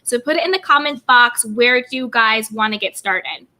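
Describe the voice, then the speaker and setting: A woman's voice: on the high side, normal speed, pushed and bright. A woman hosting a live stream, chatting about reality TV in a bubbly way and greeting viewers by name. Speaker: YouTube host. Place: California home.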